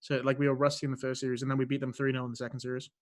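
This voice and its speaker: A man's voice: mid-range voice, flat delivery, very fast. A young man who tells stories heatedly and swears freely, talking as a guest on a casual podcast. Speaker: podcast guest, esports player.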